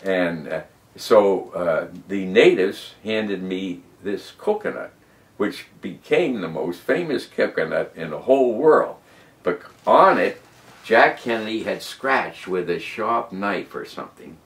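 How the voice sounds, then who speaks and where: Really low-voiced old guy in his 90s telling war stories, gets loud and worked up, sounds a bit far from the mic. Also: slow, reverberant. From United States. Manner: animated, emphatic storyteller who rises and drops in pitch and loudness. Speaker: war veteran interviewee. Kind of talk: storytelling oral history interview. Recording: voice from a distance off the mic.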